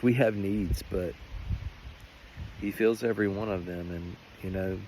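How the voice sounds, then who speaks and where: A man's voice: fairly low pitch, creaky, a little mellow, slight background noise. A man giving a rambling, earnest personal faith testimony in a vlog. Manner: earnest, rambling, many restarts. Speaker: faith vlogger.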